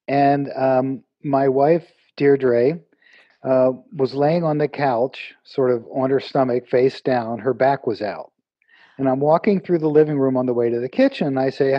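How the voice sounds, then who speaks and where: A man's voice: mid-range voice, no room sound, muffled recording. A man being interviewed as an author, telling a story with animation and acting out the lines of the people in it. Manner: animated, acts out quoted dialogue. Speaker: author and guest.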